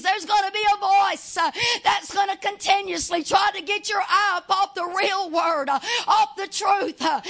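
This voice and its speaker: Woman, high-pitched, fervent preacher, shouting, praying with "God, Lord" interjections. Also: gravelly. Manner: fervent, shouting, punctuated with hallelujahs. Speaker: lay preacher. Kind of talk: Pentecostal-style sermon and prayer.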